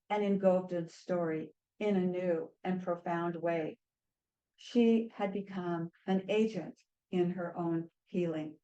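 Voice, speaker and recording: A woman author gives an academic lecture with a low-pitched voice. She talks in an earnest, measured way and stumbles briefly now and then. The audio is dull and lo-fi, like a livestream capture. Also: warm tone. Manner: measured and earnest, with small restarts. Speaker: author giving a book talk.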